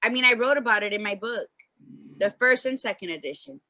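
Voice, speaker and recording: Bright-voiced emphatic woman storyteller. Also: fairly high pitch, expressive, brisk, no room sound. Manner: long-winded storyteller, emphatic. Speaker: podcast co-host. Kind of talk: casual chat.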